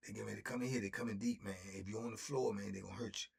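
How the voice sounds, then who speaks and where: Man voicing stern prison lieutenant, lowered voice, firm warnings, husky. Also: fairly even intonation, racing, heavily acted.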